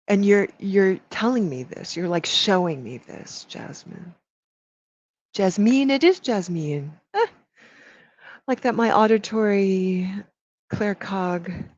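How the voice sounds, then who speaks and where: Slow, singsong woman giving energy readings. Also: medium pitch, darkish tone. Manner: affectionate, calls people sweetheart and baby. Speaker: energy healer. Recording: dull lo-fi audio.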